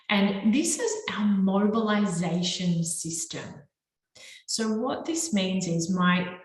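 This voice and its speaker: A woman teaching a lesson on the nervous system, talking through slides with animated, varied intonation. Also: medium pitch. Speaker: trauma and nervous system educator. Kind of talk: explanatory lecture with slides. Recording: very echoey room.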